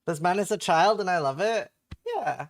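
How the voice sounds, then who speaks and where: A man's voice: high voice, animated, normal speed. A young Norwegian man with a Norwegian accent, chatting casually and rambling as he reads patch notes and viewer chat on a livestream. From Norway. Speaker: streamer reading patch notes.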